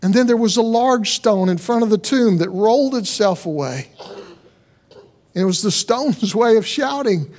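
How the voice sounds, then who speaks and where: Male pastor, high-pitched, earnest conversational sermon delivery with rhetorical questions. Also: lively intonation, normal speed, a little mellow.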